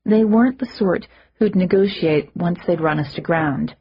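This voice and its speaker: A woman reading a first-person audiobook, lively, rising in pitch when characters shout. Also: normal speed, slightly rough. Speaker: audiobook narrator. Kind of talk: audiobook narration with character voices. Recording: muffled lo-fi audio.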